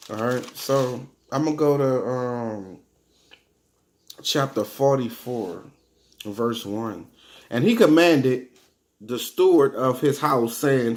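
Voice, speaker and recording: A man leading an informal bible study, reading verses slowly and then explaining them in casual, heartfelt talk. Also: mid-range voice. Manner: reads scripture slowly then explains in casual talk, repeating "you know what I mean". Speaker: bible teacher.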